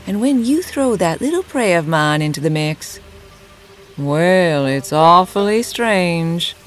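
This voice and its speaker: A woman playing a sultry, menacing cult leader who talks in a slow, teasing, purring drawl. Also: fairly low pitch, lively intonation, soft background music. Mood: sly. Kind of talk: audio drama acting.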